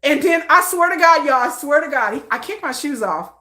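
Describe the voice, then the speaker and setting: Woman vlogger, high bright voice, chatty animated storytelling, echoey room. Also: brisk. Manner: chatty, animated retelling with many fillers. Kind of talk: casual storytelling.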